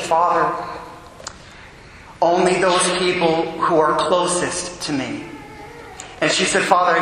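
A man, a Catholic priest, preaching a sermon in an earnest, deliberate way, slowing down on key phrases. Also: high-pitched, pushed and bright. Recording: echoey church hall, faint noise.

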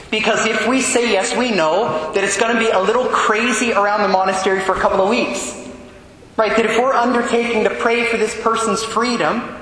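A male priest preaches a homily with a fairly high, bright voice, conversational and emphatic, often checking in with his listeners. The sound is very echoey, with a long reverb ringing through a large church and a faint room hum underneath. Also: fairly even intonation, brisk. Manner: conversational, emphatic, keeps asking the listeners "right?". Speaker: Catholic priest. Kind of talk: Gospel reading and homily.

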